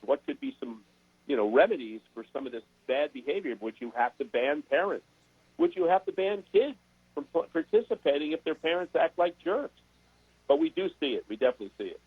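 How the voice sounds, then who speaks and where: An older man, a sports broadcaster and guest, telling animated stories in a casual interview and repeating words as he goes. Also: medium pitch, brisk, husky, no room sound. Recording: dry, tinny phone-like sound.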